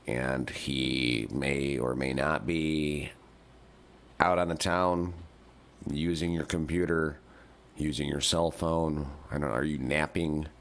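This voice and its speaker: Deep-voiced man hosting a comedy call-in show. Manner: deadpan rants that flare into yelling. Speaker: host.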